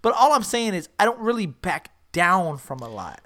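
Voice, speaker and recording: A woman podcast host telling a story in a casual, profane and animated way, often repeating herself. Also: lowish voice, normal speed.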